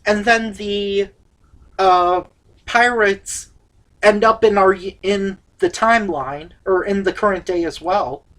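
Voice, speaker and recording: A woman's voice: mid-range voice, slow, fairly bright tone. Woman co-host, casual movie recap, loose and rambling delivery. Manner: rambling, with many "like" fillers. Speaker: co-host of a movie review show.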